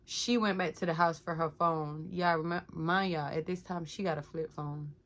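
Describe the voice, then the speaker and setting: A young woman candidly tells her viewers her own life story, speaking casually, calling them "y'all," and using "like" as filler a lot. Her voice is fairly low and her pace is normal.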